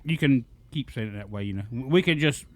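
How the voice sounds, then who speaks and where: A man's voice: medium pitch, expressive, a little fast, dry recording. A man co-hosting a podcast in casual chat, rambling and repeating himself. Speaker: podcast co-host.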